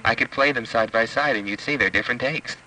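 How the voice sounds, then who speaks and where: A man's voice: medium pitch, fast talker, pushed and bright, distant mic, slight background noise. A man who is a telephone enthusiast, eagerly explaining technical details on a phone call. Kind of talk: phone conversation.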